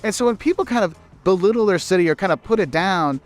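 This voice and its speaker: A man from the United States giving casual travel advice to camera outdoors in a city, chatty, often repeating words and slipping into quick mimicked asides. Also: sits high, lively intonation. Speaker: travel vlogger.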